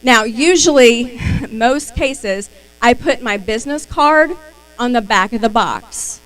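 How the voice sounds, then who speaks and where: A young adult woman giving a lively sales training talk on a live stream, acting out her customer conversations. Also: fairly high pitch, slow, poor audio. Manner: lively, acts out customer dialogues. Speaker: beauty sales consultant.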